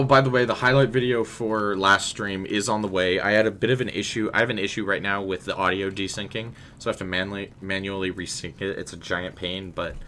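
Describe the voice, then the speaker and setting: A low, deep-voiced man streams a game, his delivery pushed and bright as he rambles chattily through casual commentary. He speaks directly to viewers and replies to their chat messages, with noticeable background noise and game audio in the mix.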